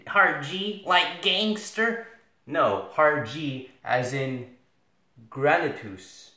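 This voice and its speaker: A man's voice: fairly low pitch, pushed and bright. A man giving a casual, joking Latin lesson, sarcastic and rambling, with self-deprecating asides. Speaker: video tutor for Latin students. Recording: echoey room.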